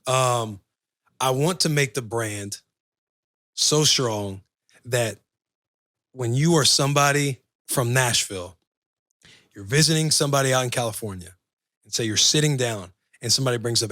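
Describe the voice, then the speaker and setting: A man in his thirties speaks at an ordinary pitch as a podcast guest. He is easygoing and upbeat, telling stories loosely. The recording is dry and close. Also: normal speed, pauses often, bright, forceful tone, no echo. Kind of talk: casual chat.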